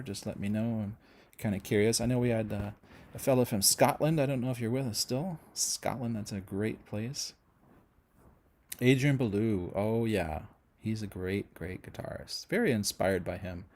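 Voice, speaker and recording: A man's voice: lowish voice, darkish tone. A middle-aged Canadian man hosting a casual music-channel livestream, chatting with viewers and rambling through their comments with lots of fillers and restarts.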